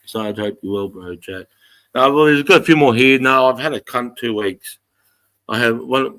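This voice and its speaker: A man's voice: sits low, a bit bright. A middle-aged man with an Australian accent, chatting on a livestream in a blunt, heavily profane way. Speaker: livestream host. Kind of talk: casual livestream chat to viewers.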